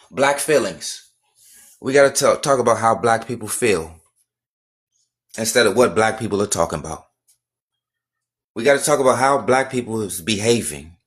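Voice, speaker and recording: A man's voice: mid-range voice, a bit bright. A man hosting a livestream, talking in a casual, emphatic rant full of repetition and rhetorical questions. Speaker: livestream host.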